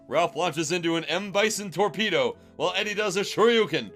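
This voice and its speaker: A man's voice: high voice, lively intonation, fairly quick, a bit bright, soft background music. A man streamer giving a comedic dramatic reading of fanfiction with laughing asides.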